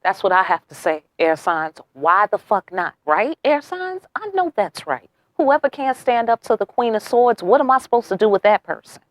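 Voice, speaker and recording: A woman's voice: medium pitch, very animated, normal speed, few pauses, no room sound. A young woman giving a casual tarot reading, brash and profane, firing off rhetorical questions and tagging "okay?" onto her lines. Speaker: tarot reader.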